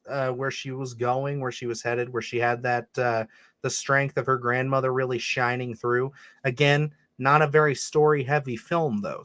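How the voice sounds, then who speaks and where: Podcast co-host, man, mid-pitched, blunt and sweary, rambling with fillers, dry close sound. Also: fairly bright tone, no echo. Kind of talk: casual film-review chat.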